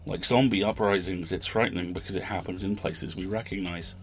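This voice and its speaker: A man's voice: sits low, fairly even intonation, fairly quick, a little hiss or hum. A man hosting a fiction podcast, reflecting on the story in a thoughtful, literary way. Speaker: podcast host.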